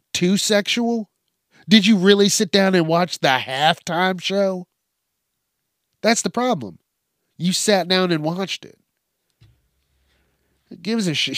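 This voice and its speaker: Male comedy news host, profane, mocking, slow delivery, dry close sound. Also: a little high, no echo. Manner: profane, mocking, laughs often.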